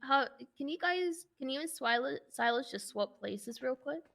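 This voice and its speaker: A sassy woman with a Liverpool accent trades jabs in a game roleplay, swearing freely. Her voice sits fairly high. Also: expressive, normal speed, gravelly, a bit bright.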